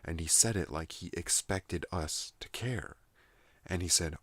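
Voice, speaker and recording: Slow, deep-voiced man rambling softly. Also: dry recording. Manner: soothing, unhurried monologue. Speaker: ASMR channel host. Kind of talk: soft-spoken ASMR ramble. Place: at home in a trailer.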